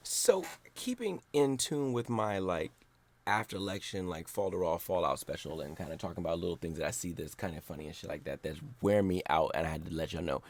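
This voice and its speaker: A man hosting a casual solo commentary show, rambling and animated, often slipping into mocking voices when he quotes people. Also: low voice, brisk. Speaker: podcast host.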